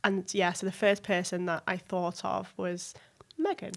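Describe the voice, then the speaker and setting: A woman guest in a podcast interview, talking in an excited, chatty way with lots of fillers. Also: fairly low pitch, measured pace, creaky. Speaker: guest, event organiser. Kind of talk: casual interview chat.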